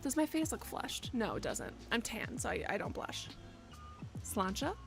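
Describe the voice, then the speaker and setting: A woman's voice: fairly high pitch, big pitch swings, measured pace, vocal fry, over music. A young woman streaming from her bedroom, rambling, joking and swearing a lot as she chats. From United States. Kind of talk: casual live-stream chat.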